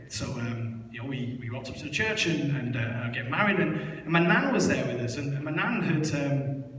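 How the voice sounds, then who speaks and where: Giving his testimony before a church, a young man describes his life frankly and with self-mockery, peppering it with fillers. His voice is mid-range and a bit bright. The large hall makes it echoey and distant, and there's a little hiss or hum.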